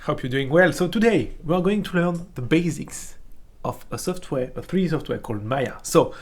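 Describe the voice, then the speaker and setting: A man from France with a French accent, a 3D software teacher giving a casual, jokey tutorial that keeps checking in with "right?". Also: fairly high pitch, expressive, normal speed. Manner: chatty, jokey, ends phrases with "right?". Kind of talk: casual screen-recorded tutorial.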